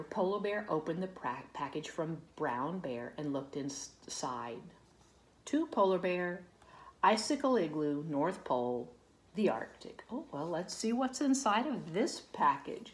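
A woman reading a picture book aloud to children, gently explaining and asking the listener questions. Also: fairly low pitch, sing-song, slow. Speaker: storybook reader.

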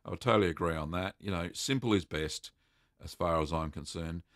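A middle-aged Australian man hosting a casual livestream, chatty and relaxed with many ums and uhs. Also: low-pitched, a little fast, no room sound, clean studio sound. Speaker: livestream host answering cheese-making questions.

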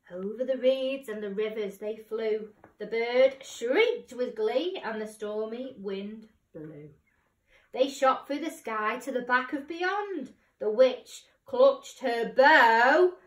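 A woman teacher reading a picture book aloud, expressive, dropping to whispers and rising to loud cries. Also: a little high. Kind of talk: storybook read-aloud. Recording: roomy, distant mic.

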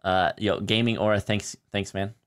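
A man hosting a live-streamed game, chatting with a teammate and viewers, laughing often and excitable. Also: on the low side, moderate pace, clean tone. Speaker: streamer and gaming host. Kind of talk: live-streamed gameplay chat.

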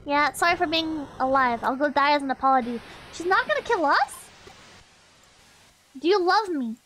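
A woman's voice: high-pitched, expressive, moderate pace, noisy background. A woman streamer giving casual, brash game commentary, swearing often and laughing a lot.

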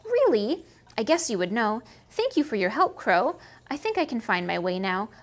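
Woman reading as a tiny scared boy snake, high, timid and polite, storybook. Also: very animated, moderate pace. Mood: anxious polite. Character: small scared lost young male snake.

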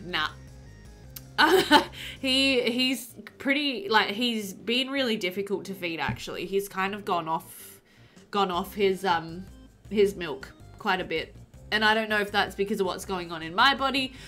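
A woman's voice: mid-range voice, expressive, normal speed, bright, forceful tone, soft background music. A young woman chatting casually on a livestream as a streamer and new mum, talking in a chatty, giggly way with lots of fillers. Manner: chatty and giggly, many fillers like "like" and "um", reads chat aloud. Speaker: game streamer and new mother.

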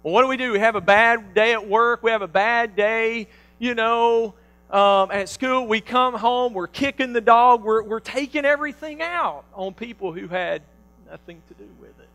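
A man preaching a sermon, telling a personal story with animated swings between loud bursts and hushed quotes. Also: very high voice, moderate pace, soft background music, poor audio.

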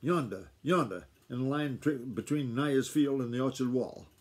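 A man voicing a gruff old farmer grandfather, speaking in a rustic drawl that swings from blustery to gentle. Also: mid-range voice, moderate pace, lightly acted. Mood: impatient. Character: gruff old male farmer grandfather, country dialect, impatient.

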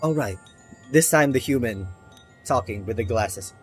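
A man narrating a tabletop game as game master, in a slow, calm, descriptive way. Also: medium pitch. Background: faint ambient music.

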